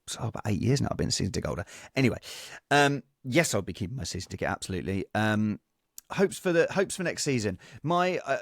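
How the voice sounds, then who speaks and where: A man, a comedian guest, tells stories in an animated, rambling way. His voice is lowish and sounds dry and close. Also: no echo. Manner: animated storyteller, many fillers and restarts. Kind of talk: casual podcast chat, telling anecdotes.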